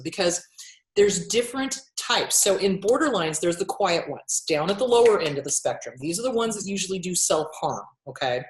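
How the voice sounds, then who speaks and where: A woman's voice: mid-range voice, roomy sound. A woman therapist in casual interview talk, blunt and swearing freely, acting out quotes as she explains. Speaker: therapist and author.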